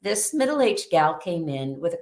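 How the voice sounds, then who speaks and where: A woman guest, a bit under the weather, telling a vivid story in an animated way during an interview. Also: lowish voice, a little slow.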